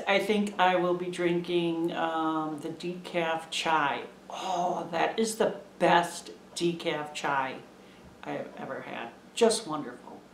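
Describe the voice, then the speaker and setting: A middle-aged woman, a homesteading vlogger, chats casually to the camera from a room in her home, meandering and gushing as she goes. Her voice sits fairly low with a fairly bright tone. The room is echoey, and there's a little hiss or hum.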